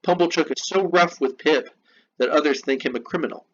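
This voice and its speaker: A man's voice: on the high side, fairly quick. A man reading lesson notes aloud and explaining them with casual, chatty asides. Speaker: teacher. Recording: dull lo-fi recording with faint noise.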